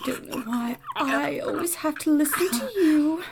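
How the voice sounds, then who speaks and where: An impatient younger twin sister who always wants her turn, voiced by a woman. She whines and pleads in a raised, high voice without hurrying. A faint noise sits behind this adult audio role-play. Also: expressive, a little slow. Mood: whiny.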